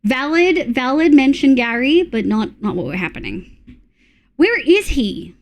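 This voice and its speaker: A woman with an Australian accent chatting casually with her live-stream audience, reading chat messages and making quick asides. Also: high-pitched, big pitch swings.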